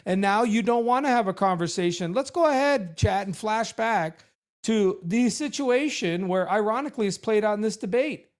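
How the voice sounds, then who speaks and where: A man hosting a show, giving sarcastic, animated commentary on a debate to his live chat. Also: high-pitched, moderate pace. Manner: sarcastic, animated, mocking impressions. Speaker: show host reviewing a debate.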